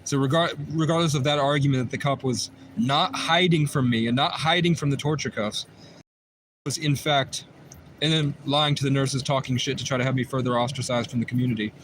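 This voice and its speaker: A man's voice: medium pitch, fairly even intonation, normal speed, a bit bright, slight background noise. A man on a livestream telling a long personal story in a rambling, repetitive way, often restarting his sentences. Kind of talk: livestream monologue.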